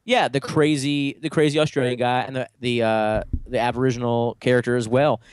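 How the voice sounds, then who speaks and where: Joking podcast co-host, mid-range voice. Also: male voice, medium pitch, little pitch movement, a little fast, clean tone, no echo. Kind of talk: casual film discussion.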